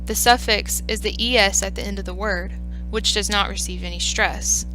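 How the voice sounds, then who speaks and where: A woman giving a scripted lesson on teaching reading, speaking clearly and in a measured way, slowing down on example words. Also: medium pitch, steady tone, music in the background, poor audio. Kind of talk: scripted instructional narration.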